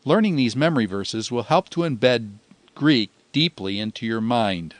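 A man gives a deliberate, unhurried language lesson, stretching out each phrase so it can be repeated after him. His voice sits at an ordinary middle pitch. It is recorded close and dry, with no room sound. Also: animated, dry recording. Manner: measured, pausing often, drawn-out Greek phrases for repetition. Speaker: Greek teacher. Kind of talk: slow, deliberate grammar lecture.

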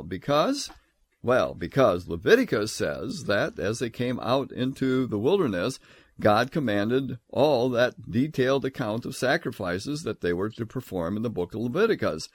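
A man giving a scripture lecture, emphatic, reading verses aloud in a measured, solemn tone. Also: medium pitch, husky, dry recording. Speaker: Bible teacher.

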